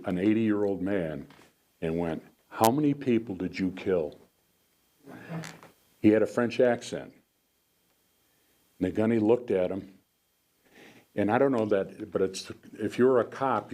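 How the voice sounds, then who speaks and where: A veteran guest speaker from the United States, now in his seventies, tells stories to an audience in a lowish, slightly mellow voice. He wanders as he talks, restarting sentences often and using plenty of fillers, and there's faint background noise.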